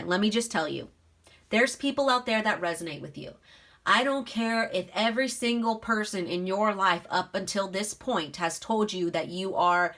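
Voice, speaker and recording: A woman's voice: fairly low pitch, a bit bright. Woman doing a tarot reading, chatty and reassuring, talks right to viewers. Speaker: tarot reader. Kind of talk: casual tarot reading to camera.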